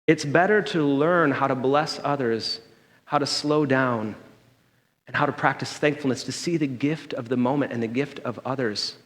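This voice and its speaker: A man's voice: medium pitch, moderate pace. Man preaching in a reverberant hall. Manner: conversational, checks in with the room by asking "okay?". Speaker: pastor. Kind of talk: sermon with personal story. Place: church sanctuary.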